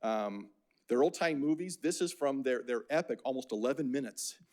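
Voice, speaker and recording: This older man, from Phoenix, Arizona, talks about slides in a casual, story-filled lecture, with frequent fillers and restarts. His medium-pitched voice is a little mellow, and his pace is moderate.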